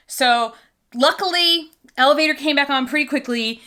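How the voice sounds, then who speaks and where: Woman vlogger, doll reviews, goofy rambling chat, bright tone. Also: high voice, normal speed. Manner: chatty, goofy, rambling storytelling.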